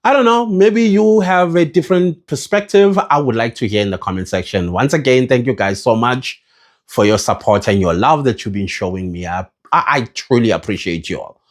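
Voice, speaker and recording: A man's voice: medium pitch, normal speed. A South African man with a South African accent giving his opinions in a casual vlog, talking passionately and putting questions to his viewers. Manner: impassioned, rhetorical, addresses viewers as guys. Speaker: vlogger.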